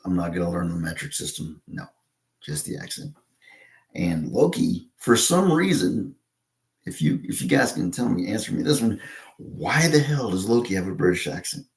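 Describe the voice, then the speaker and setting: A low-pitched American man with a gravelly, creaky edge rambles through a casual monologue. He stops and restarts often, padding his talk with fillers. His voice rings in a noticeably echoey room. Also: very animated. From United States. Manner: halting, with many fillers and restarts.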